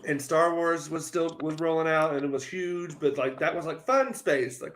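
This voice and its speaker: A man's voice: a little high, moderate pace, a bit bright, slight background noise, poor audio. A man sharing thoughtful opinions on a podcast, hesitating and restarting as he goes. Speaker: podcast co-host. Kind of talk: casual chat.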